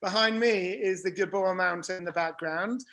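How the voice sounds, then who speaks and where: A man's voice: high voice, normal speed, sharp tone. A man giving a casual, chatty talk as a guest speaker on a video call. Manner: chatty, with fillers and restarts.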